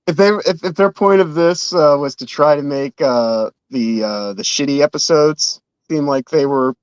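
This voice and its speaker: A man's voice: a little high, normal speed, clear, resonant tone, dry recording, highs cut off. A man co-hosting a live stream, laid-back and agreeing, with hesitant fillers. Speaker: co-host. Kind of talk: casual live-stream chat.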